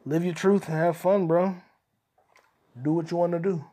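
A man's voice: high-pitched, fairly even intonation, moderate pace, long pauses, warm tone. A man hosting an improvised comedy podcast, rambling and swearing. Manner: rambling, profane, absurd. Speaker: podcast host.

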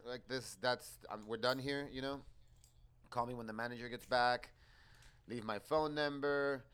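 A young man on a podcast telling a story in casual chat, animated and swearing as he acts out his quoted exchanges. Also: medium pitch, moderate pace, smooth.

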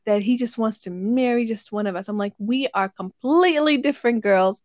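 A woman and parent chatting casually, telling animated stories and acting out quotes. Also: on the high side, fairly quick, dry recording, lo-fi sound. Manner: animated storyteller who acts out quotes. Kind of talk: casual chat.

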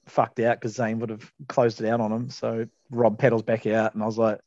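A man's voice: on the low side, completely flat delivery, fairly quick, darkish tone, dry recording, dull audio. A man, co-hosting a podcast and telling a casual story, laid-back, laughing often and swearing freely. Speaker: podcast co-host.

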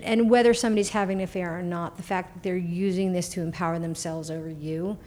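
A middle-aged woman, a podcast guest, telling her story in a blunt, profane and animated way. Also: lowish voice, fast talker, hardly any pauses, slight background noise. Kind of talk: candid conversation.

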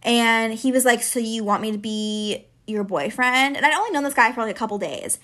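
A woman's voice: a little high, fairly quick, fairly bright tone. A woman in her twenties, a podcast co-host, telling a long personal story in casual chat, with lots of "like" fillers. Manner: chatty, heavy use of filler "like".

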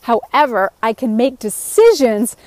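A woman's voice: fairly high pitch, sing-song, measured pace, a little mellow, no echo. A woman giving an earnest, encouraging self-help talk, speaking in long run-on sentences as a life coach. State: a bit out of breath.

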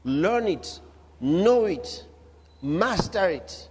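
High-voiced preaching pastor, lively. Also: male voice, extremely slow, slightly rough. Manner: animated, humorous, emphatic repetition. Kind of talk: sermon.

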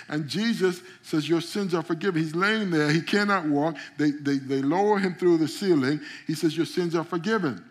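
A pastor preaches a sermon in a somewhat higher-pitched voice, building to emphatic, rising peaks and calling out to his congregation. Along the way he frequently stammers, tripping over repeated words.

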